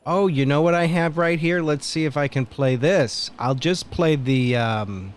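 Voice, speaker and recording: A man with a slightly higher voice hosts a loose conversation. He asks quick questions and throws in teasing remarks. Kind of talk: casual chat.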